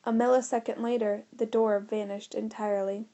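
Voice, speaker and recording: Woman audiobook narrator, bright-pitched, lively storytelling. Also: moderate pace. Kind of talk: scripted narration.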